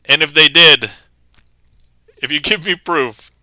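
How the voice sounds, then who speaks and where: A man streams from a home setup with a very bright, crisp voice, joking loosely as he narrates card tricks. He laughs often and reads viewer comments aloud. The sound is dry and close, with no room echo. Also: fairly high pitch, slow pace. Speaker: magic livestreamer. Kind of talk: casual live-stream chat while performing card tricks.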